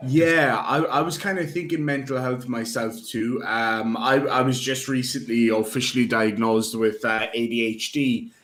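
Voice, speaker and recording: A man's voice: medium pitch, steady tone, normal speed, few pauses, fairly bright tone. A man in casual live-stream chat, rambling and joking with lots of ums and uhs. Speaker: guest. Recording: roomy echo.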